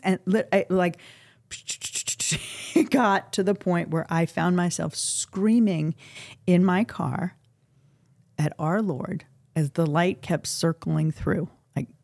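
A middle-aged woman from the United States, a guest on a podcast, telling a personal story in an earnest, halting, emotional way. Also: on the low side, darkish tone, no room sound, clean studio sound. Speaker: interview guest. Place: podcast recording.

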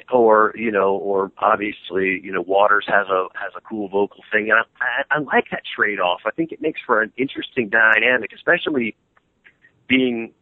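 Speaking on the low side, a middle-aged guitarist in a band rambles animatedly as a guest in a casual interview, often starting over. There's no room sound, just a tinny, phone-like line.

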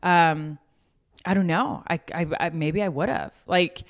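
A woman in her thirties talking as a guest in a casual conversation, telling stories with lively acted-out quotes. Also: on the low side, measured pace. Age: 30s. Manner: animated storytelling, acts out quoted voices.

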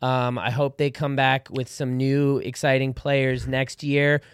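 A man's voice: medium pitch, level tone, measured pace, smooth, dry recording, clean studio sound. A young man co-hosting a podcast, joking and laid-back in casual banter. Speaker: podcast co-host.

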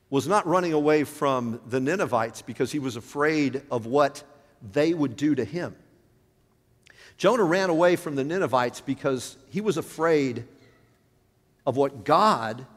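A pastor preaches a sermon in a church sanctuary, his voice rising and dropping emphatically. He speaks with a medium-pitched, animated voice at a moderate pace. Long hall reverb fills the recording.

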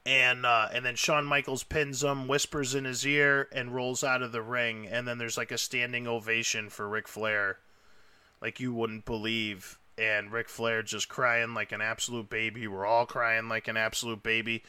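A man hosting a casual chat, telling a story with excitable, emotional energy and lots of rambling. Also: medium pitch, moderate pace, smooth, no room sound. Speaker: podcast host.

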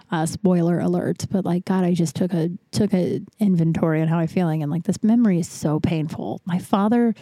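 Mellow-voiced woman, frank profane storyteller. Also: fairly low pitch, no room sound. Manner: frank and profane, halting with restarts. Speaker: podcast host. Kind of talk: candid storytelling monologue.

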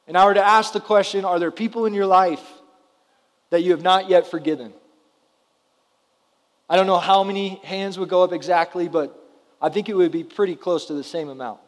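A man in his thirties preaching a sermon to his congregation in a conversational way, often putting questions to the room. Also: high voice. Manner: conversational, asks the audience questions. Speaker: pastor. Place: church hall before a congregation. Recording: roomy hall with long reverb.

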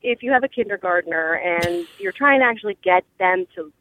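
A woman in her thirties calling in to share an anecdote, telling it in an animated storytelling manner. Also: fairly low pitch, brisk, narrow, tinny audio, slight background noise. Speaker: caller. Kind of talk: phoned-in anecdote.

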